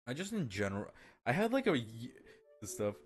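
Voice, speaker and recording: A man's voice: mid-range voice, sing-song, fairly quick, breathy edge. A man chatting casually on a live stream, rambling and swearing, full of fillers and restarts and laughing at his own jokes.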